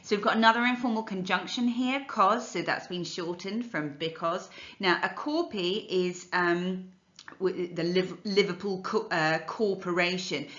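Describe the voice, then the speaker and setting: Chatty teacher, bright voice, echoey room. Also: female voice, fairly low pitch, measured pace, lo-fi sound. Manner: chatty, explanatory, with many fillers and restarts. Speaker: English literature teacher. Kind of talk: revision lesson walkthrough.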